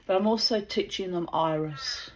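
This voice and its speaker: A woman, an author telling personal stories in a chatty, digressive, animated way. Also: on the low side, normal speed, a little hiss or hum, poor audio. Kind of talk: casual storytelling with asides.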